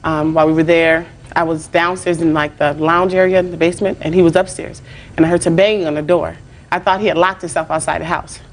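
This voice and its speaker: Rapid, slightly low young woman; rambling, filler-heavy courtroom testimony. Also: steady tone, slight background noise. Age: 20s. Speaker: plaintiff.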